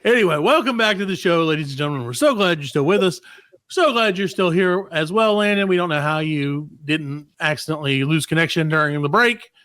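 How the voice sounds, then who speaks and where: A man's voice: a little high, fairly quick, fairly bright tone, no echo, studio quality. A man hosting a comedy podcast, joking loosely and reading tech news aloud in casual chat. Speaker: podcast host.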